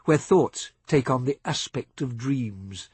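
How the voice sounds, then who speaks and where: A man reading a novel aloud as audiobook narrator, measured and expressive, on a close studio mic. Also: medium pitch, slightly rough, dry recording.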